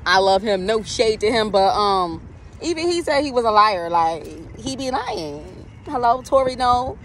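A woman's voice: fairly high pitch, unhurried. A woman vlogger venting casually to camera, exasperated and laughing between her lines, in a vehicle. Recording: steady vehicle noise behind.

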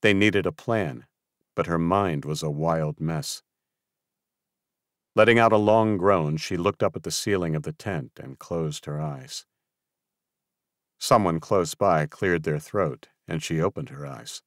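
A man's voice: low voice, measured pace, no room sound, studio quality. A man reading an audiobook aloud as narrator, giving the characters their own voices. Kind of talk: scripted narration.

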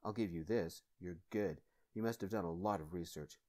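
A man voicing a hostile, scornful brother in a soft-spoken ASMR story. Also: sits low, normal speed, close to an everyday voice. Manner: scowling, accusing.

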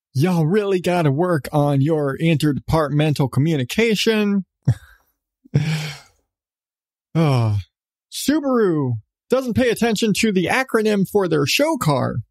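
A man hosting a podcast gives a casual, comedic rant about odd news, full of sarcasm, swearing and frequent laughs. His voice is fairly high with a darkish tone and no echo.

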